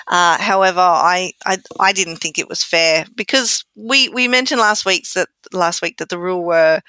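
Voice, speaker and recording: A woman co-hosting a podcast, chatting in a relaxed, teasing way. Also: fairly low pitch, no room sound. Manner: relaxed, teasing, laughs easily. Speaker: podcast co-host. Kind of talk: casual chat.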